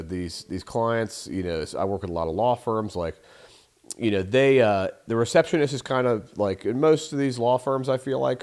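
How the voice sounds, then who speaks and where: A young man talks through sales tactics off the cuff, rambling and swearing freely. He has a medium-pitched voice and slips into quick voices for phone calls. His delivery is loose and unscripted. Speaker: sales trainer and host. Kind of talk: casual advice monologue.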